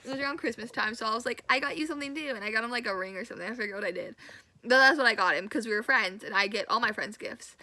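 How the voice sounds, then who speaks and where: A young woman tells a personal story in a casual vlog, acting out what people said. Her voice sits a little high, and she laughs now and then. Steady background noise runs under the recording. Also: very fast, low-quality recording. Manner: animated, acts out quotes, laughs often. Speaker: storyteller vlogger.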